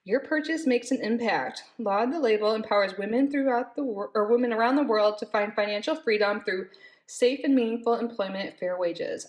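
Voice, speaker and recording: A young woman reviewing a subscription box in casual chat, gushing and giggly as she reads product labels aloud. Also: medium pitch.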